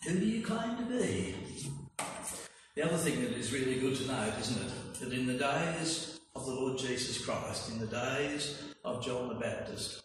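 A man preaching a sermon, emphatic and full of rhetorical questions, with slow, stressed phrases. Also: medium pitch, music in the background. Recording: echoey hall from far off, faint noise.

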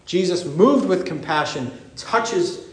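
Male pastor, high voice, lively storytelling sermon, reverberant room. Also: slow. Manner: animated preaching, acting out voices in the story. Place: church sanctuary. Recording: echoey church room.

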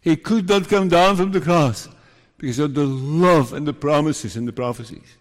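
A man preaching a sermon, moving from hushed, solemn passages to emphatic rises. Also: on the high side, normal speed. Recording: long hall reverb.

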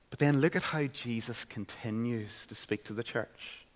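Speaking at normal speed with hardly any pauses, this medium-pitched pastor preaches a sermon in a church. He's from Northern Ireland, has a Northern Irish accent, and delivers it earnestly and conversationally.

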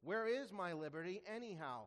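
A man preaching a sermon as a pastor, earnest, asking rhetorical questions and slowing down to stress quoted scripture. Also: high voice, lively intonation, in a large hall. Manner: earnest, rhetorical questions, slows for emphasis when quoting scripture.

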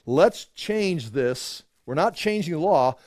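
A male pastor preaching a verse-by-verse sermon, reading scripture aloud and commenting in an animated way, slipping into mock voices for emphasis. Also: on the high side, slow, no echo, clean studio sound.

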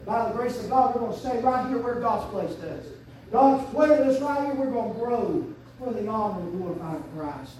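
A man preaching a fervent sermon as pastor, swinging from quiet asides up to loud shouts. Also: animated, normal speed, a little hiss or hum. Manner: fervent preaching, surging to shouts and dropping low. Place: church sanctuary. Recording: very echoey church sanctuary, mic at a distance.

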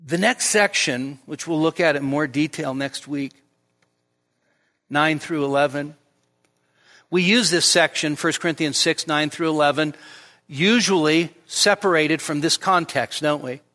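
High-voiced pastor preaching in reverb. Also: male voice, unhurried, bright, forceful tone. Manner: emphatic, rises sharply on quoted lines. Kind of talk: expository sermon. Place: church sanctuary. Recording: long church reverb.

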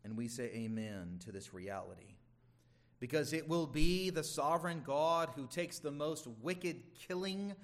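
A man's voice: fairly high pitch, unhurried. A man preaching a sermon in an earnest, emphatic way, with the odd stumble and restart. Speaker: pastor.

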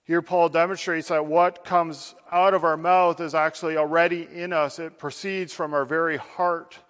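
A man's voice: a little high, little pitch movement, moderate pace, a bit bright, long reverb tail. A man preaching a sermon, addressing his listeners directly with earnest, building emphasis.

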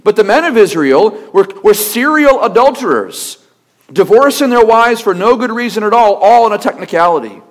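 Speaking at an ordinary pace in a high voice, a male preacher drives his sermon home with emphasis. He leans on rhetorical questions and keeps repeating himself steadily.

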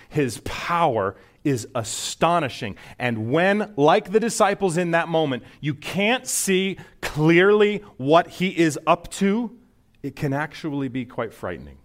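A man preaching a sermon in an earnest teaching manner, rising sharply on emphatic points. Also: mid-range voice. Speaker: pastor.

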